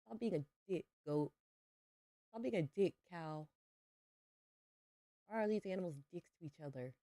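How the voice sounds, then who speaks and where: A woman's voice: fairly low pitch, lively intonation, unhurried, mellow, dry recording, clean studio sound. A young adult woman streaming a farming game, chatting playfully with her viewers. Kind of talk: casual livestream chat while gaming.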